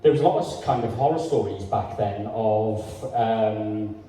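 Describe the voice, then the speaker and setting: A man interviewing a guest on stage, asking questions hesitantly with many pauses. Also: on the low side, mellow, heavy reverb, distant mic, a little hiss or hum, rough recording.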